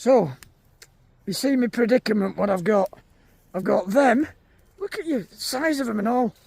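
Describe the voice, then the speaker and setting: Chatty man, high gravelly voice. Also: lively intonation, moderate pace, a little mellow, no room sound. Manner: chatty, talks to animals and viewers. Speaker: vlogger. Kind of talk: casual vlog chat. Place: outdoors in a field.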